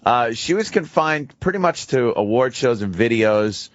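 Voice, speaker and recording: A man's voice: mid-range voice, normal speed, no echo, muffled recording. Wisecracking, crude male radio co-host. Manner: wisecracking, crude, deadpan asides. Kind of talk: crude casual radio banter.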